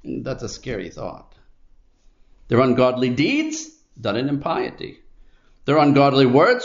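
A man's voice: medium pitch, reverberant, lo-fi sound. A man preaching a sermon in an emphatic, declamatory way, stacking phrases with rising force.

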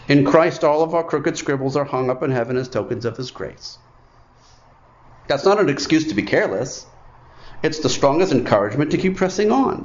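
A man preaching a sermon in an emphatic way, repeating phrases for effect. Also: a little high. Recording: muffled, lo-fi sermon recording.

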